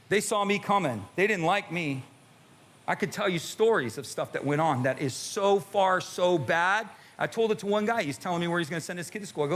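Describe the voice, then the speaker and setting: A man's voice: high voice, expressive, a little fast, fairly bright tone. A middle-aged man preaching a sermon as pastor, emphatic and pressing the congregation with rhetorical questions. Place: church sanctuary with a live congregation.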